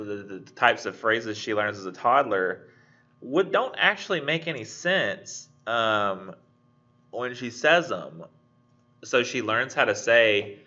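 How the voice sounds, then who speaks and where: A man's voice: on the low side, pushed and bright, dull audio. A man giving a recorded online college lecture, rambling with many fillers and restarts. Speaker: college English instructor.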